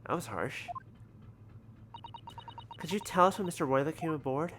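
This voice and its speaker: A man's voice: on the high side, expressive, moderate pace. A man streaming a game, casually joking and swearing while reading dialogue aloud. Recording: background noise from home stream setup.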